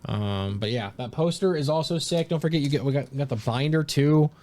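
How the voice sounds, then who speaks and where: A young man giving casual, excited commentary while opening trading card packs as a streamer. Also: a little fast. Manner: excited, jumps high in pitch at big pulls.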